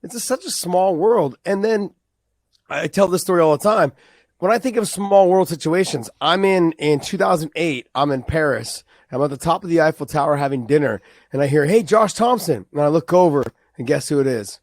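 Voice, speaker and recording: A man co-hosting a podcast, chatting in a loose, excitable way with plenty of swearing. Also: on the high side, fairly quick, no echo, clean studio sound. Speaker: podcast co-host. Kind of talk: casual chat.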